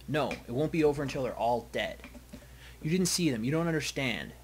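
A man's voice: medium pitch, animated, a little fast, a little hiss or hum, natural voice. A man voicing a frightened, haunted young elf woman in a video game, pleading shakily.

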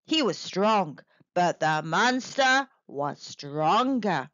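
A woman storyteller reading a children's picture book aloud in a slow, very expressive way. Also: on the low side, no echo, lo-fi sound.

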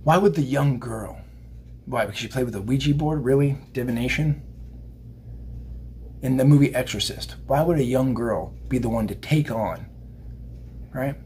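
A man of middle pitch reads tarot cards in a relaxed, rambling way. He wanders from thought to thought and speaks right to the people watching. A faint background noise runs under his voice. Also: normal speed, long pauses. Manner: rambling, chatty, addresses viewers directly. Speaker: tarot card reader. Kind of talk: casual spiritual tarot reading to camera.

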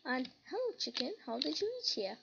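A woman's voice: high voice, big pitch swings, fairly quick, vocal fry, very noisy. A woman giving casual gameplay commentary, humming little sing-song tunes as she plays. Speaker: gamer. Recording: lo-fi with loud keyboard typing.

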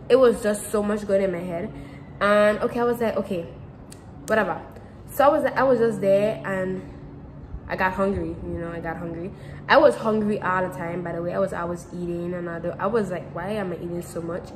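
A woman's voice: mid-range voice, a little fast, a little hiss or hum, poor audio. A teenage girl telling a personal story to camera in casual chat, rambling and repeating herself with lots of fillers. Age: teens. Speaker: vlogger.

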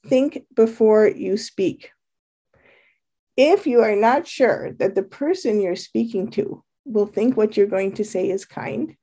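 Female leadership coach, mellow voice, earnest and emphatic, giving a spoken lesson. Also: a little high, animated, unhurried, slightly rough. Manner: earnest, emphatic, laughs lightly between points.

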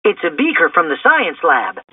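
A man's voice: fairly high pitch, wildly swooping pitch, moderate pace, husky, no room sound, heavily acted. A man reading a storybook aloud and voicing a brainy teenage girl who explains things precisely. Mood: explaining. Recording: distant, tinny phone-like sound.

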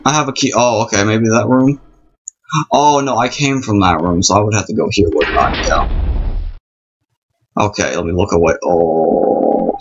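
At home at night, a man nervously narrates his play of a horror game, rambling, apologizing and saying things twice. His voice is fairly low and a bit slow with long pauses. The lo-fi, dull recording picks up slight noise over the game music.

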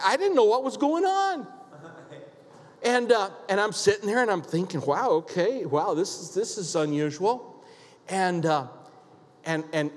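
A man preaches from the pulpit, telling a story from his own life and repeating words as he restarts. His voice sits a little high for a man. A long reverb from a large church hall trails behind every phrase. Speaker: pastor. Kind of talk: sermon with personal story. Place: church sanctuary.

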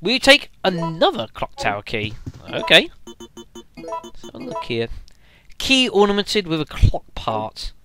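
A man giving casual, chatty let's play commentary, speaking to viewers as folks with lots of halting fillers. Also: a little high, huge pitch swings, over music.

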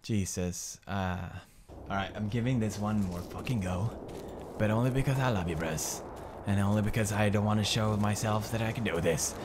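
A man's voice: on the low side, normal speed, noisy background. A young man in his twenties giving jumpy, swearing commentary while playing a horror game. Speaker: gamer commentator.

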